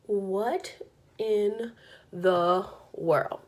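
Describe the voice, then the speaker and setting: A woman's voice: mid-range voice, extremely slow, a little hiss or hum. A woman vlogging as a single mom, telling a story in a chatty, exasperated rant full of "like". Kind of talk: casual storytelling rant to camera.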